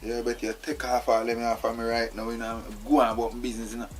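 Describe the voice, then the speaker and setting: A man's voice: medium pitch, completely flat delivery, quick pace, faint music behind, close to an everyday voice. An actor with a Jamaican accent playing a tied-up man who pleads and argues with his captor, filling his talk with "you know". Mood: pleading, agitated. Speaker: actor in a film. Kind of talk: film dialogue.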